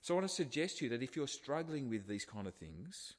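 A man's voice: medium pitch, very animated, a little fast. A man preaching a sermon to a congregation in a conversational way, with rhetorical questions and restarts. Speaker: pastor. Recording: long hall reverb.

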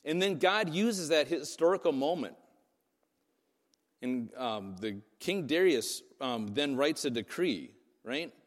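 A man's voice: a little high, expressive, slow pace, big-room sound. A man preaching a sermon in a casual, conversational way, often asking "right?" to his listeners. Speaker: pastor.

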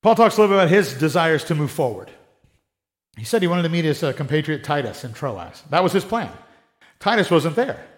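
A man's voice: a little high, big pitch swings, brisk. A man preaching a sermon in a conversational way, often acting out the voices of people he quotes. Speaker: pastor.

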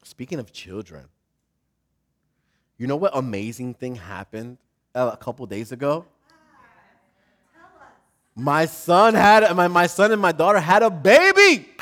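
An older man, a grandfather, preaching a sermon in a lively, conversational way that swings between soft, reflective moments and loud, emphatic stretches. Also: a little high, a little slow, pauses often. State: emotional and choked up at times. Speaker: pastor.

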